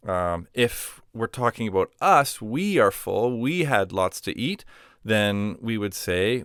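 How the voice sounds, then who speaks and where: A man teaching a grammar lesson. He patiently says each example phrase slowly and repeats it. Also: lowish voice, very animated, fairly bright tone, smooth, dry recording, clean studio sound. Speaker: language teacher.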